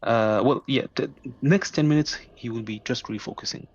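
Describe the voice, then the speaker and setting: A man's voice: medium pitch, moderate pace, lo-fi sound. A man playing in a tabletop game, speaking hesitantly while planning his character's turn. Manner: hesitant, full of uh and restarts. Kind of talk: casual game chat.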